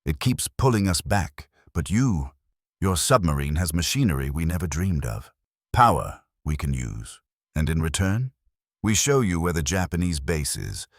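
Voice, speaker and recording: A man voicing a polished, courteous ghost captain of an eighteenth-century British warship who is quietly menacing, in a scripted horror story. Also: rumbling low, big pitch swings, moderate pace, no echo, clean studio sound, exaggerated voice. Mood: silky menace.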